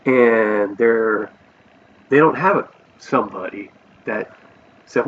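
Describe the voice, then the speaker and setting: A man's voice: fairly low pitch, slow, pauses often, a bit bright, recorded from a distance. A man vlogging a personal story, earnest and rambling, with many restarts, on a dull lo-fi recording with faint hiss.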